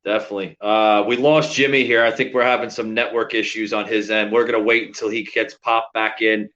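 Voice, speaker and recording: A man's voice: lowish voice, level tone, brisk, a bit bright. A man co-hosting a casual podcast, exasperated and profane, firing off rhetorical questions. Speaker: podcast co-host. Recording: dull lo-fi podcast audio.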